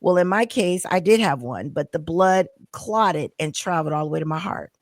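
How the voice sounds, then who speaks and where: Emphatic woman host, low pitch, recorded dry and close. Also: moderate pace, no room sound. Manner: emphatic, exclaims. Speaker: talk show host. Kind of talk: personal story on a talk show panel.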